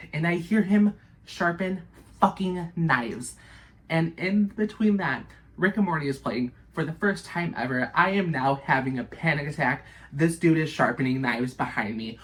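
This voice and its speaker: A woman vlogger telling a story to her viewers, animated and breathless, swearing constantly. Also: fairly low pitch. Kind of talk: casual storytelling to camera.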